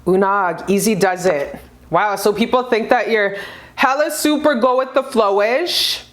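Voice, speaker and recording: A woman giving a casual pick-a-card tarot reading, gushing and profane, with bursts of high excitement. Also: a little slow.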